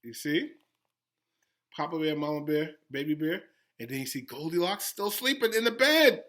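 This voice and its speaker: A man, a school principal, reading a children's story aloud with animated, gasping, teacherly asides to young pupils. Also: fairly high pitch, moderate pace.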